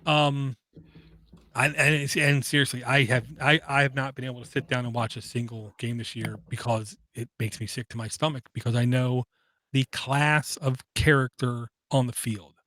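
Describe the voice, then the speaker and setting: A man's voice: mid-range voice, fairly even intonation, normal speed, pushed and bright. A man co-hosting a podcast in casual chat, rambling and opinionated, often restarting his sentences. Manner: rambling, self-interrupting, opinionated. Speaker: podcast co-host.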